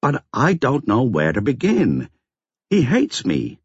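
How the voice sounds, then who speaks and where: A man voicing a calm, earnest and stiffly formal man in an audiobook, measured and precise, on a slightly dull lo-fi recording. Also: mid-range voice, breathy edge, no echo, voice pushed up, exaggerated voice. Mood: exasperated. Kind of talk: audiobook character voice.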